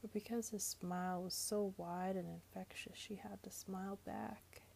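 A woman narrating a novel aloud in a measured, even storytelling manner. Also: medium pitch, creaky, a little hiss or hum. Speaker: audiobook narrator. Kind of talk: storybook reading.

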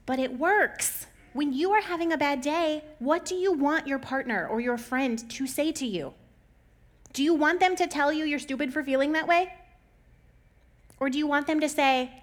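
Chatty woman giving warm-hearted advice. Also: high-pitched, lively intonation, normal speed. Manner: conversational, laughs often, acts out quotes. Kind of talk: casual advice talk.

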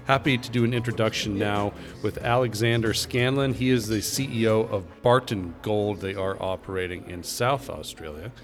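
Low-voiced chatty podcast host. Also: male voice, moderate pace, hardly any pauses, soft background music. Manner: relaxed, chatty, laughs easily. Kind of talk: podcast interview.

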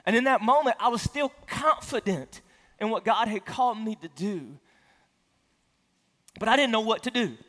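High-voiced male pastor in a reverberant church. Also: lively intonation, normal speed, pauses often, sharp tone. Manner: casual storytelling with self-deprecating humor. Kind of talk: conversational sermon. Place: church sanctuary. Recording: long hall reverb.

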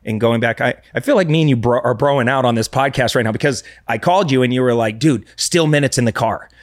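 A man's voice: medium pitch, fast. A man in his thirties, a real estate investor talking earnestly as a podcast guest, often restarting sentences. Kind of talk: casual podcast conversation.

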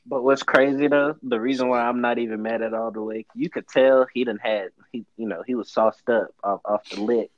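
A man's voice: medium pitch, a little fast, hardly any pauses, no echo, dull audio. A man in casual sports chat, telling stories with lots of laughter and acted-out quotes. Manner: animated storyteller, laughs often, acts out quotes.

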